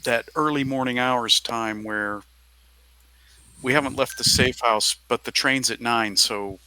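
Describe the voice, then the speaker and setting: A man's voice: medium pitch, unhurried, pushed and bright, smooth, rough recording. A man running a tabletop game, explaining the scene with hesitant restarts.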